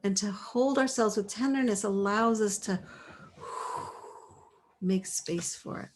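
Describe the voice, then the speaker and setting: A woman in her forties leading a live online class, reading out chat replies in a gentle, affirming way and laughing often. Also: mid-range voice, slow, slight background noise. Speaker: course leader.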